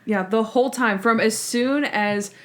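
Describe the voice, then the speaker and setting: A young woman co-hosting a podcast, chatting casually, laughing often and acting out scenes in quick put-on voices. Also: fairly high pitch. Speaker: podcast co-host. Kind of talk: casual chat.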